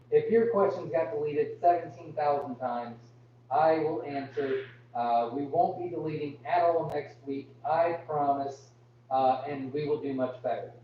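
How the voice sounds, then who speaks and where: A young man hosting a live farm Q&A, reading viewer comments aloud and answering with apologies, straining his voice to talk louder. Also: on the high side. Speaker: farm livestream host. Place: indoors on a farm. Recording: muffled, distant, echoey, with hum.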